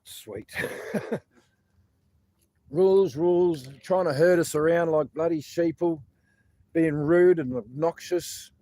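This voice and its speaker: A man's voice: a little high, a little mellow, dry recording. Rambling Australian man ranting outdoors. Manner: rambling, profane, chatty, laughs often. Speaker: protest livestream host. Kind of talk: casual rambling livestream chat. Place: outdoors at a protest site.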